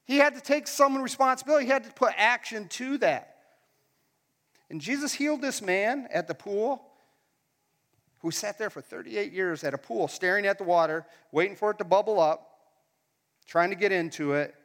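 A man's voice: high-pitched, lively intonation, moderate pace, a bit bright. A man preaching a casual, conversational sermon in a church hall, asking the crowd questions as he goes. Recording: long hall reverb.

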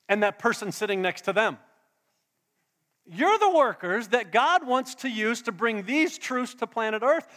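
A very high, somewhat bright male voice belongs to a pastor preaching in a church hall. He pulls his congregation in through questions and call-and-response, and the sound carries a long hall reverb.

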